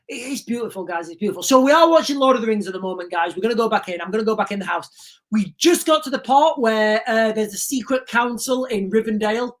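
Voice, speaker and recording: A woman hosting a casual livestream, rambling and repeating herself, earnest and emotional, often calling her viewers "guys". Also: fairly high pitch. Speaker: livestream host.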